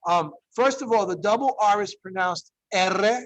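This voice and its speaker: A man's voice: high voice, moderate pace, no echo, low-quality recording. A man teaching a Spanish class, encouraging students and drilling pronunciation through repetition. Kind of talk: classroom language lesson.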